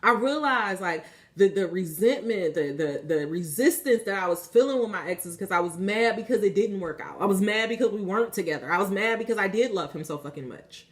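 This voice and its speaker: A woman's voice: mid-range voice, lively intonation, fairly quick, hardly any pauses. A woman giving a spiritual tarot reading, talking passionately and casually, swearing freely and preaching to her viewers. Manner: casual, conversational. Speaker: tarot reader.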